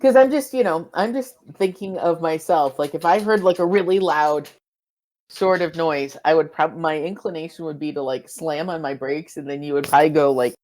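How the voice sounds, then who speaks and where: A woman with a somewhat low voice joins a podcast conversation. She asks wry questions and plays along with the jokes in easy, casual chat. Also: moderate pace, darkish tone.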